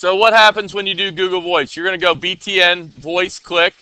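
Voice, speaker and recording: A man's voice: high voice, steady tone, brisk, pushed and bright, clear, resonant tone, no echo. A man teaching a classroom coding lesson, talking casually and often checking that his students are following.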